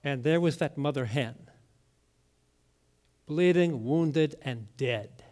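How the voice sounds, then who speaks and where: A middle-aged pastor with a fairly high voice tells stories through his sermon at a slow, steady and personal pace. On key words he sinks to a soft hush for weight, then rises again.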